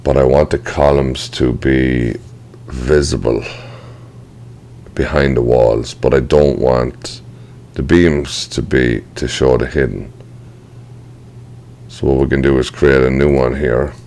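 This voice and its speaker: Very deep, gravelly man teaching software. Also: steady tone, slow pace, pauses often. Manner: casual, thinks aloud, apologizes for slips. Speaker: software tutor. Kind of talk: screen-recorded software tutorial.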